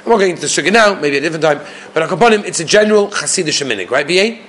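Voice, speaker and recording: Animated man telling a Torah story. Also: a little high, racing, a little hiss or hum. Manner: animated storyteller acting out quotes, frequent rhetorical questions. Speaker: rabbi teaching a class.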